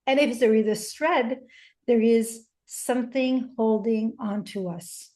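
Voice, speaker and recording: Female guest, higher pitch, soft reflective delivery, restarts phrases as she thinks. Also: steady tone, takes it slowly. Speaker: interview guest, parenting coach. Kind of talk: reflective interview talk.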